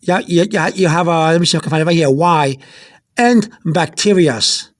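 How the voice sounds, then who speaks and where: A man's voice: a little high, normal speed. A man giving an informal pronunciation lesson, repeating words patiently with frequent restarts, recording on a phone held in one hand. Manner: repetitive, patient, restarts often. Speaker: Spanish teacher.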